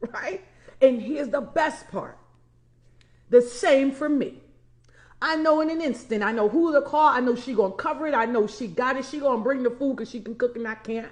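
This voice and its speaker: Emphatic high-voiced woman coach in her forties. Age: 40s. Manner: emphatic, repeats key lines, addresses listeners as y'all and honey. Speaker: empowerment coach. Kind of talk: motivational livestream talk.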